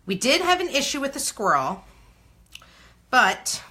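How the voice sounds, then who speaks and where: Female vlogger, 30s, bright voice, excitable and chatty, hosting a crafting video. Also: high-pitched, a little slow. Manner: bubbly, exclamatory, talks to viewers while working. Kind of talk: casual crafting tutorial chat.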